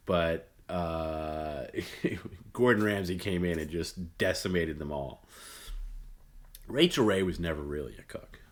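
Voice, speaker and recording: A man with a deep, low voice rambles through a late-night solo talk stream. He is middle-aged and blunt, and his opinions tumble out between fillers and restarts. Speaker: host.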